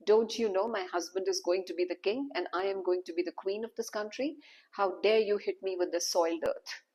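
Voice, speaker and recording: A woman voicing a proud young princess, quick to anger and suspicious, in a husky voice. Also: medium pitch, fairly even intonation, darkish tone, close to an everyday voice, poor audio. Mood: furious.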